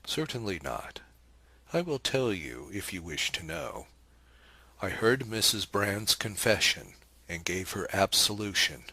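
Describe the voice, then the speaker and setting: Man doing a calm guarded priest, deep slow voice, husky, keeps it steady. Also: dry recording, heavily acted. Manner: steady, restrained replies.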